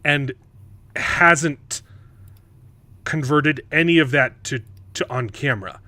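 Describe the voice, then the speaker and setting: A man hosting a casual panel chat, animated and mocking, often stumbling over words and restarting. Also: a little high, slow, no room sound. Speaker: host.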